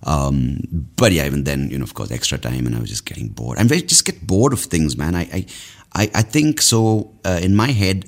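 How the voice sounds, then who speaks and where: Very deep-voiced rambling man. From India. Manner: rambling, swears freely, self-mocking. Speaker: podcast host. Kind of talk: casual monologue.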